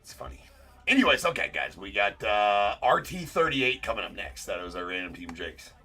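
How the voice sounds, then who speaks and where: A man's voice: lowish voice, big pitch swings, normal speed, pushed and bright, soft background music. A man hosting a live card break stream, talking casually and teasing viewers in the chat with loose, rambling banter. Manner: teasing, rambling, with frequent laughs and filler words.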